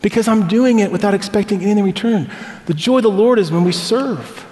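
Male pastor, slightly high voice, chatty story-driven preaching, long hall echo from the sanctuary. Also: fast, a little mellow. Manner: conversational storytelling with personal anecdotes. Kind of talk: sermon.

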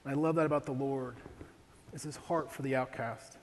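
A male pastor preaching a sermon in an animated way, asking rhetorical questions and slowing down to read scripture. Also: mid-range voice. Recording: hall reverb with faint ambient noise.

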